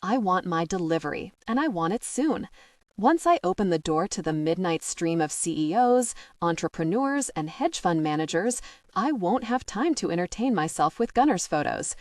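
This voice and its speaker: A woman with a fairly low voice reads a romance audiobook in the first person. The sound is dry and close, with no room around it. She slows down and lingers over the steamy passages. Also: sing-song, dry recording. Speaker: audiobook narrator.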